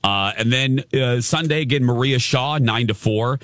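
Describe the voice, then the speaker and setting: A man's voice: medium pitch, moderate pace, no echo, clean studio sound. A man hosting a morning radio talk show, laughing often and telling stories in casual banter. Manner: laughs often, animated storytelling. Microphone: studio microphone.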